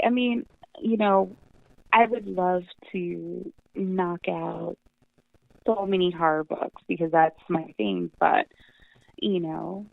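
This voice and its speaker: A woman comic book writer chatting as an interview guest, animated and swearing freely, laughing often, heard over a tinny phone line. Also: fairly low pitch, gravelly, no room sound. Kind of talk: casual interview chat.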